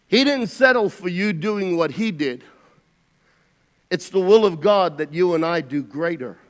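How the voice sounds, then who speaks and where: A man preaching a sermon as pastor, swinging between shouted climaxes and hushed, quiet passages. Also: high-pitched, long reverb tail.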